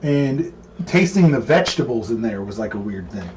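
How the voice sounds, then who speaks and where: Relaxed man telling kitchen stories. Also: mid-range voice, moderate pace, slight background noise. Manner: relaxed, rambling, many fillers. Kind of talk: casual storytelling. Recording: distant mic with faint room ambience.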